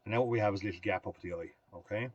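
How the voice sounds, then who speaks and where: Irish man, middle-aged, fly-tying teacher; rattles along quickly in a lowish voice, rambling yarns, close and dry. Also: dry recording, lo-fi sound. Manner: rambling storyteller, chatty and folksy. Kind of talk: live fly-tying demonstration with anecdotes.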